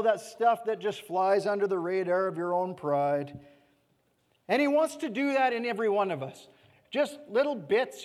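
A male pastor with a high voice preaches in an easy, conversational way, often asking "okay?" and letting key phrases sink to near-quiet. His voice rings out with the long reverb of a church hall. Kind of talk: sermon.

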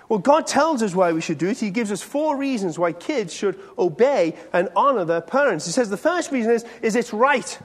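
Lively high-pitched man preaching. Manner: conversational, questions the audience directly. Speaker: pastor. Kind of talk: sermon to a congregation. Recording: long hall reverb.

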